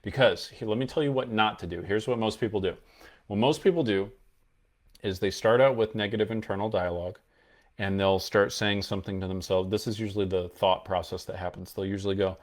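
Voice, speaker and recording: An earnest male mental health coach teaches in a fairly low voice. He leans hard on his key points and now and then shows a tone of voice to make them clear. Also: normal speed. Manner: earnest, emphatic, demonstrates tones of voice while teaching. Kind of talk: explanatory coaching talk to camera.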